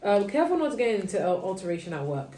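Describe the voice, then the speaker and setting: A woman giving a casual tarot reading, chatty and sleepy, drifting between low murmurs and sudden bursts of energy. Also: sing-song, racing, mellow, reverberant, a little hiss or hum. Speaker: tarot reader.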